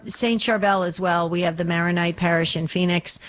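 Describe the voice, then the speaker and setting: A woman's voice: lowish voice, fairly even intonation, normal speed, few pauses. A woman hosting a faith call-in radio show, talking earnestly and rambling with lots of ums and restarts. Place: Arizona studio.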